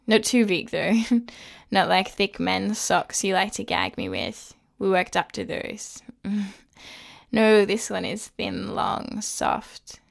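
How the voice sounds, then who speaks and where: A woman playing a teasing lover with a gravelly voice. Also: mid-range voice, animated, slow pace, exaggerated voice.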